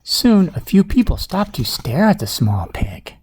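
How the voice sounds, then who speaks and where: A man's voice: high-pitched, big pitch swings, a little slow, a little mellow, slight background noise. A man reading a storybook aloud at bedtime, with playful asides to a child listener. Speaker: storybook reader.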